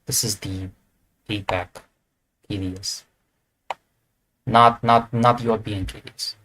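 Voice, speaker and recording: A man's voice: on the low side, fairly even intonation, slow, pushed and bright, a little hiss or hum. A man giving casual commentary as he ranks esports teams, thinking aloud with hesitant fillers and self-corrections. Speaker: esports tier list creator. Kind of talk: casual commentary while ranking.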